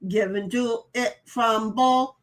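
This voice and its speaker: A woman's voice: a little high, steady tone, takes it slowly. A middle-aged woman hosting a casual live stream, reading chat messages aloud and chatting about them with frequent stammered restarts.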